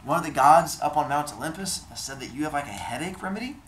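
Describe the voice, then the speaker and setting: A man's voice: a little high, animated, fast, fairly bright tone, far from the mic, slight background noise, pitched above the performer's own voice. Zeus, a man voicing a blustery god king. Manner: blustery, exasperated. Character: Zeus, loud grumpy king of the gods. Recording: roomy echo.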